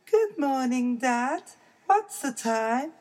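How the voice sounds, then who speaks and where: A woman voicing a small, eager young male bear cub with a high little voice in a storybook reading. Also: animated, slow pace, darkish tone. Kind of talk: storybook read-aloud.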